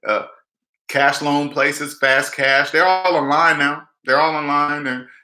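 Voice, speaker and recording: An emphatic man talks through money advice in a loose, chatty way, hammering his points home. His voice is bright and sits a little high. The room around him sounds echoey. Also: fairly even intonation, slow pace. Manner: emphatic, blunt, repeats himself, acts out quoted people. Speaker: debt advice vlogger. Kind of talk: casual live-stream advice talk.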